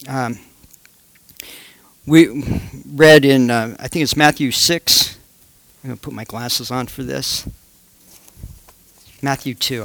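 A man's voice: medium pitch, no room sound. A man preaching a conversational sermon with slides, joking asides and frequent fillers. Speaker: lay preacher.

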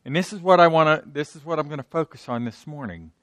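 A pastor with a slight sore throat preaches an off-the-cuff sermon in church, often repeating words and restarting sentences. His voice is fairly high and fairly bright, with a quick pace, and the studio sound is clean with no room sound.

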